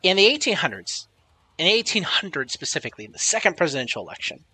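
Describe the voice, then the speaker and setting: Man, live streamer, casual rambling chat, profane, lively up-and-down pitch, fairly high voice. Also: quick pace, breathy edge.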